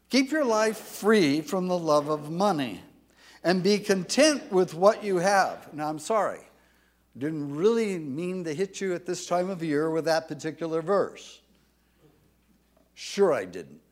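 A man preaching a sermon, swelling to loud, emphatic declarations when he quotes scripture. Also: high-pitched. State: tired from little sleep. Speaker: pastor.

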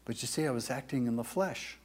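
A man preaching a sermon, speaking slowly and emphatically, with passages that drop to a soft, confessional tone. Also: medium pitch.

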